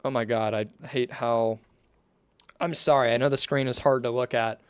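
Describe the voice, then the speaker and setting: A man reads a long document aloud for his audience, breaking off into casual, apologetic asides. He stumbles over lines and corrects himself. His voice is smooth and resonant, and the sound is dry with no room around it. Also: medium pitch, fairly even intonation, moderate pace, dry recording. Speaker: commentator reading a document on stream.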